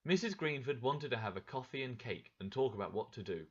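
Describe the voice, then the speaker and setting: A man narrating a graded story for English learners in a clear, expressive way. His pitch moves a lot, rising and falling. The recording sounds slightly dull and lo-fi. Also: a little fast.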